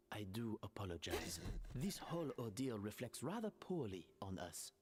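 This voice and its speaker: An actor playing a polite, formal hotel manager with a put-on French accent who reads each word separately. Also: male voice, on the low side, sing-song, unhurried, faint music behind. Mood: courteous.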